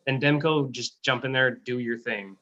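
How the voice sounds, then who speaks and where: Muffled bright-voiced rambling man. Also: medium pitch, normal speed. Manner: rambling, filler-heavy. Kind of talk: casual sports talk. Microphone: video call.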